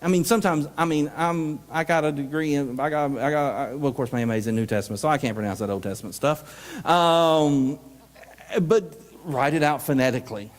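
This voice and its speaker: A man giving a lively, joking workshop talk at a conference, acting out readings in mock voices. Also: on the high side, brisk. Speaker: workshop presenter. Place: conference hall. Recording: live hall with long reverb.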